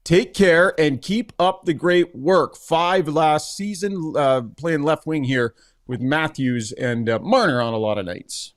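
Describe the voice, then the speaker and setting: A man's voice: a little high, measured pace, no echo, studio quality. A man reading listener questions on a hockey podcast in an upbeat, jokey way. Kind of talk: casual sports chat.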